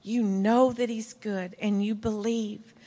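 A middle-aged woman giving a heartfelt sermon as a church speaker, telling stories earnestly and emotionally, sometimes dropping to a soft whisper. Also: mid-range voice, steady tone, slow pace. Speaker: church speaker leading prayer.

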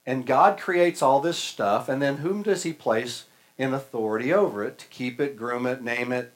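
A man's voice: medium pitch, moderate pace, poor audio. A male preacher giving a sermon in a folksy, conversational and humorous way.

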